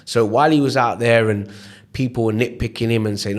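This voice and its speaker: A man's voice: medium pitch, a little fast. A man with a Leicester accent, a former boxer, telling stories in a casual interview and acting out the voices of the people in them. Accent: Leicester English. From England. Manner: animated storyteller, acts out voices, repeats "you know what I mean". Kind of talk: storytelling in casual interview chat.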